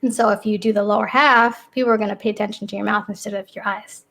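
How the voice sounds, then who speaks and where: A woman's voice: mid-range voice, fairly even intonation, fast, vocal fry, fairly bright tone. A woman guest on a casual talk show, explaining things plainly with many hesitant ums. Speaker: guest, ASMR creator. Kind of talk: casual interview chat.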